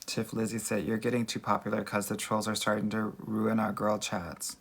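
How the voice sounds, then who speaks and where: Gravelly-voiced man with Valley Girl manner. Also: lowish voice, monotone, moderate pace. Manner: chatty, calls viewers girl and honey. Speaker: dating coach. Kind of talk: livestream Q&A answering chat comments.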